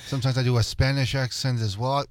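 A man's voice: mid-range voice, steady tone, no echo. A man working as a radio studio engineer and producer, chatting on air in an easygoing, hesitant way, in a radio studio on a studio microphone. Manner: easygoing, hesitant, pauses mid-sentence. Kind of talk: casual talk radio chat.

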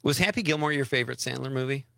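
A man's voice: mid-range voice, very fast, vocal fry, a bit bright, no room sound, clean studio sound. A man hosting a casual radio talk show, reading listener messages and chatting with his co-host.

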